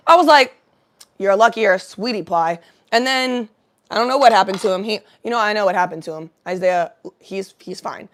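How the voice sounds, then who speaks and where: A woman's voice: medium pitch, brisk, a bit bright. A young woman vlogger telling a story in casual chat, chatty and profane, greeting viewers by name.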